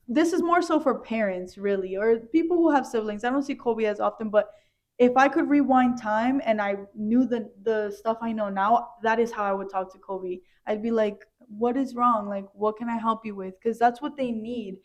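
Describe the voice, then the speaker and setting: Young woman, podcast host, casual chat, earnest, slightly high voice. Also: normal speed, darkish tone, dull audio. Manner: chatty, earnest, full of "like" fillers.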